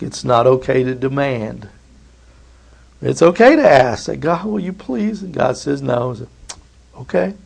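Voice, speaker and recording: Gravelly-voiced man preaching a sermon. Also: mid-range voice. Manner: reads scripture aloud and acts out voices of biblical figures.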